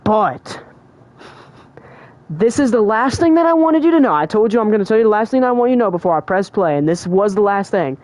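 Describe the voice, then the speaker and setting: Excitable young adult streamer, chatty. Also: medium pitch, fairly quick, dry recording. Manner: emotional and excitable, heavy on fillers like "like" and "bro". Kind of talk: casual livestream chat.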